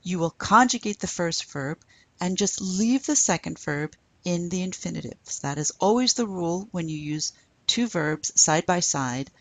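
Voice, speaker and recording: A woman teaching a French class in a recorded lecture, slowly modelling words for learners to repeat. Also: on the low side, animated, dry recording. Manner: slow and deliberate, modelling pronunciation for learners to repeat.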